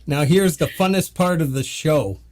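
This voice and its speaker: A man's voice: on the high side, normal speed, over a noisy crowd. A man from Canada hosting a casual talk show, hesitant with ums and prone to giggling. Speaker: host.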